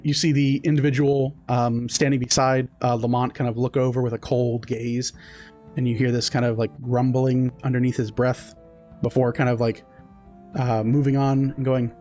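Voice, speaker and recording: A man's voice: mid-range voice, little pitch movement, normal speed, dark tone, soft background music. Man narrating a tabletop game. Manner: hesitant, many fillers. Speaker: game master.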